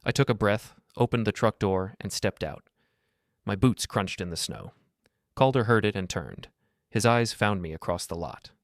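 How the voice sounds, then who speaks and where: A man narrating a first-person story in a calm, even, measured way. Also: lowish voice, no room sound, studio quality.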